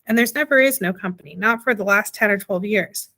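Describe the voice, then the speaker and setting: A woman voicing a weary, slow-spoken tiny father in a storybook reading, with plain rustic grammar. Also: medium pitch, sharp tone.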